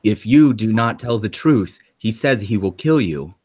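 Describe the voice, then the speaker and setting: A man's voice: lowish voice, expressive, unhurried, mellow. A man voicing a woman interpreter in a tabletop game, speaking in stiff, careful, formal phrases. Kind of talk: tabletop role-play voicing.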